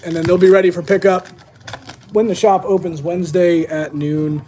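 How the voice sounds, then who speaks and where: A man's voice: high-pitched, little pitch movement, moderate pace, dark tone, faint music behind. A young man hosting a live-streamed sports card break, chatting casually to his viewers as he opens packs.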